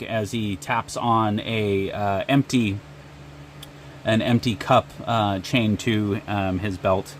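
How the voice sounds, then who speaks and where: A man's voice: on the low side, fairly even intonation, takes it slowly, a little hiss or hum. A man narrating and running a solo tabletop game with frequent ums and uhs. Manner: hesitant, lots of ums and uhs.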